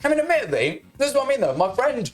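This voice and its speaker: Lively, loud young man. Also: very high voice, rapid-fire, faint music behind. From United Kingdom. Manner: loud, animated storyteller who swears freely. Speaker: streamer host. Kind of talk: casual chat.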